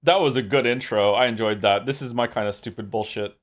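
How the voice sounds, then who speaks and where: A man's voice: medium pitch, fairly quick. A man giving casual, sardonic commentary while playing a game on stream, swearing freely. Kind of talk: casual let's-play commentary. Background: game music.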